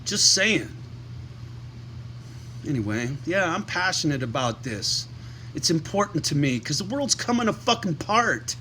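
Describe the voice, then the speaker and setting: A man's voice: a little high, sing-song, measured pace, pauses often, sharp tone, a little hiss or hum. A man vlogging to his followers, ranting with heavy profanity and emphatic, heated delivery. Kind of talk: casual rant to camera.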